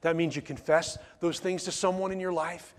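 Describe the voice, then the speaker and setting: A man's voice: fairly high pitch, fairly even intonation, moderate pace. A man preaching a sermon in church, emphatic, repeating key phrases and asking the congregation rhetorical questions. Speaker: pastor.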